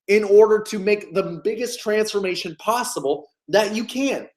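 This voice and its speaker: A man's voice: high-pitched, moderate pace, a little mellow. A man giving a motivational sales coaching talk, emphatic and hyped, repeating key phrases and swearing freely. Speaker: business coach.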